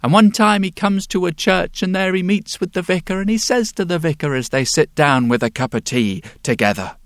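A man telling a folk tale in an unhurried way, pausing for effect and giving the characters their own voices. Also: high voice, expressive, dry recording, clean studio sound. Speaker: storyteller.

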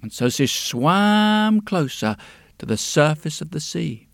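A man's voice: fairly high pitch, sing-song, slow pace, creaky, no room sound, clean studio sound. A man telling a story in a dramatic way, often dropping to a whisper. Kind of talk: spoken storytelling to music.

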